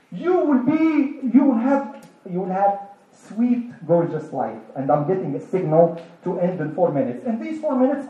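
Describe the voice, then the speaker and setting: Animated high-voiced male preacher. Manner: animated, asks the audience questions and answers them himself. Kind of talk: interactive sermon to a live audience. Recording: echoey hall, distant dull mic.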